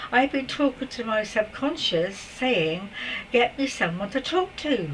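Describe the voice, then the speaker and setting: An older woman telling a personal spiritual story in a chatty, rambling way, with soft laughs and asides. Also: fairly high pitch, animated, a little slow, distant mic, poor audio. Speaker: spiritual vlogger. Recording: voice a little away from the mic, faint background noise.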